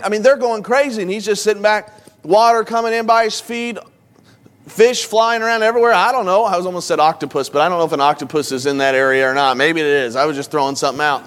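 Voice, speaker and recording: A man's voice: high voice, fairly even intonation, fast, a bit bright. A man teaching a Bible lesson in a loose, conversational preaching style, stopping to put questions to his listeners. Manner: informal, asks the audience questions.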